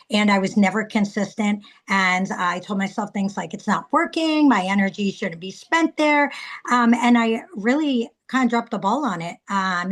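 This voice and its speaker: A chatty woman in her thirties coaching fellow sellers in an animated, storytelling way. Her voice sits a little high and she slips into acted-out quotes as she goes. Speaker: direct sales trainer. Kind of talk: casual training talk.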